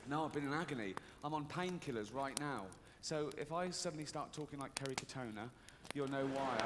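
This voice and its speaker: Comedian guy, sweary and sarcastic, kinda high voice, big arena echo and crowd noise behind. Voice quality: profane, sardonic delivery. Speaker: stand-up comedian. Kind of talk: stand-up comedy routine. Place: large concert arena stage. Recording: arena recording with long reverb and audience noise.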